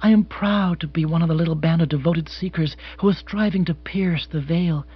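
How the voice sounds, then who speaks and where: A man's voice: a little high, brisk, breathy edge, dull audio. A man reading an audiobook, voicing a wealthy American widow who talks in a gushing, earnest, genteel way.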